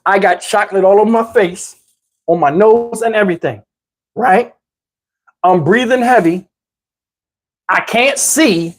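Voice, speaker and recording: A middle-aged man from New Jersey telling a comic story in a casual, animated, profane way, talking to listeners as y'all. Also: high voice, unhurried, pauses often.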